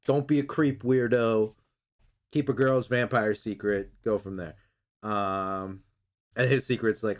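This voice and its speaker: A man's voice: medium pitch, measured pace. A man chatting casually, swearing freely and acting out characters' lines as he recaps a show. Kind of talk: casual chat recapping an anime episode.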